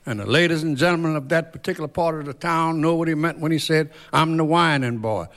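A man introducing a song from a concert stage in a slow, folksy storytelling manner. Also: on the high side, steady tone, fairly bright tone. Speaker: banjo player and singer. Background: banjo playing.

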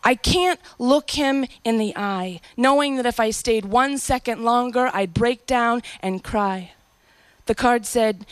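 A woman's voice: fairly high pitch, normal speed, no room sound. A woman performing a spoken-word story in a reflective, poetic and emotional way.

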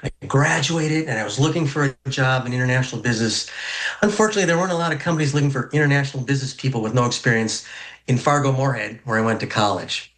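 A man from North Dakota spins a humorous personal yarn with folksy ease. His pitch sits in the middle, and his pacing stretches and rushes for comic effect. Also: fairly bright tone. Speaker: storyteller. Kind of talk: personal story told to an audience.

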